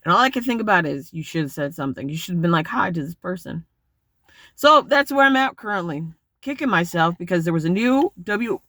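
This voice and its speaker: A woman's voice: fairly low pitch, fairly bright tone, no echo, clean studio sound. A woman talking casually to camera in a vlog, rambling and self-critical, swearing freely. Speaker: vlogger.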